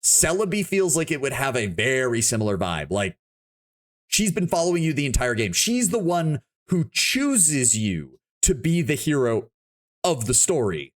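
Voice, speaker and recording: Man, live streamer, casual reaction chat, lively up-and-down voice, rambling, restarts a lot. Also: medium pitch, moderate pace. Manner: rambling, animated, thinks aloud with frequent restarts; swears freely.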